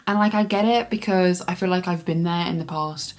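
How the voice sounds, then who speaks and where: A woman chatting casually in a reading vlog, expressive and swearing freely as she reacts to her book. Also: fairly low pitch, fairly quick. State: teary from crying. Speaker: booktuber.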